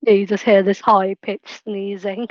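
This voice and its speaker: A woman's voice: mid-range voice, little pitch movement, unhurried, dry recording, highs cut off. A woman playing a tabletop game, lighthearted and giggly. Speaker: player.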